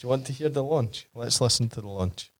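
A man's voice: medium pitch, a little fast. A man co-hosting a podcast in casual chat, easygoing and rambling with many fillers. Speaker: podcast co-host.

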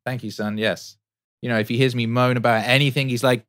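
A man's voice: medium pitch, steady tone, normal speed, dry recording. A man in his thirties hosting a casual livestream Q&A, rambling and profane with many fillers and an enthusiastic tone. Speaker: musician and show host answering chat.

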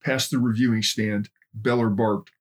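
A man narrating a documentary in a steady, measured way. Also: fairly low pitch. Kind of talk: documentary narration with book readings.

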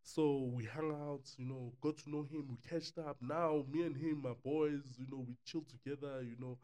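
A young South African man, a podcast guest, telling a relaxed story and mixing English with Zulu. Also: on the high side, moderate pace. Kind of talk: casual podcast chat.

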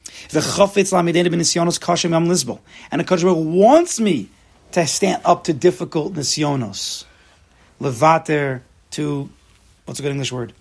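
A man's voice: on the high side, normal speed, a little mellow. A man teaching a class, emphatic, mixing Hebrew terms into his English. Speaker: Torah teacher. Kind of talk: lecture to a class.

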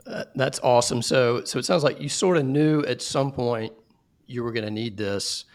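A man's voice: medium pitch, normal speed. Curious male interviewer. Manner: curious, amazed, asks follow-up questions. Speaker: interview host. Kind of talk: casual interview conversation.

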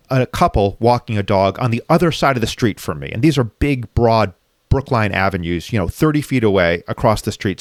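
A man's voice: lowish voice, no echo, studio quality. A man telling a personal story in conversation, raw and reflective, swearing freely as he talks. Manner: raw, reflective, frequently profane.

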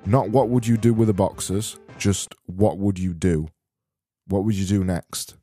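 A man with a South Yorkshire accent hosting a solo podcast, rambling and correcting himself with dry, deadpan humor. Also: deep voice, measured pace, no echo, faint music behind. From Barnsley, South Yorkshire. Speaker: podcast host.

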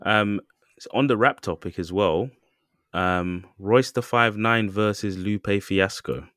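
Deep-voiced man chatting casually. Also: slow, a bit bright, no room sound, clean studio sound. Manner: loose storytelling, full of fillers and asides. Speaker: podcast co-host. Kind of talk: casual chat.

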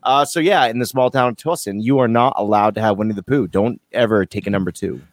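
A man's voice: on the low side, fast, no echo. A man hosting a casual quiz game among friends, reading out facts, joking, swearing and laughing along. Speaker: quiz host. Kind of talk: casual group quiz chat.

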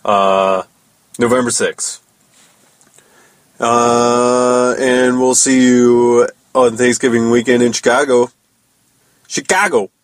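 A man's voice: medium pitch, little pitch movement, slow pace, pauses often, no room sound, poor audio. A man hosting a podcast, telling a loose, rambling story about his band and swearing casually. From United States. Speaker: podcast host and metal musician.

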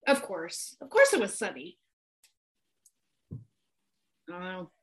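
A woman's voice: fairly low pitch, huge pitch swings, slow pace, a bit bright. A woman co-hosting a podcast panel, making blunt, indignant retorts. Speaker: podcast co-host. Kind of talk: casual panel chat.

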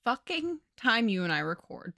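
A woman co-hosting a podcast, recapping a book in casual, profane, animated chat. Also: on the high side, normal speed, dry recording, clean studio sound. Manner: chatty, profane, animated storyteller. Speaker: podcast co-host.

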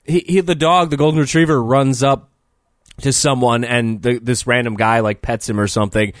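A man's voice: medium pitch, steady tone, moderate pace, no echo. Dry-sounding, profane man ranting casually. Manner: profane, exasperated, laughs often. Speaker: podcast co-host reviewing a film. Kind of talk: casual comedic chat.

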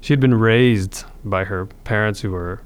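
A man's voice: fairly low pitch, moderate pace, clean tone. Earnest man sharing his faith story. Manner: earnest, reflective, frequent restarts. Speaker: podcast guest. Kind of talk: telling his conversion story.

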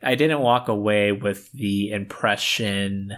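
A man's voice: on the low side, slow pace, a bit bright. A young adult man co-hosting a podcast, chatting in a laid-back, joking way about a film. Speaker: podcast co-host. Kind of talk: casual film chat.

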